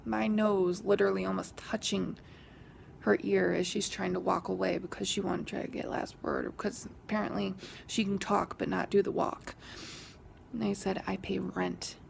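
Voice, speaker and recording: A woman's voice: medium pitch, level tone, moderate pace, a little hiss or hum. A young woman vlogger telling a story in a casual way, often half-whispering. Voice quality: gravelly fry. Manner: whispery, hushed retelling that rises when quoting an argument.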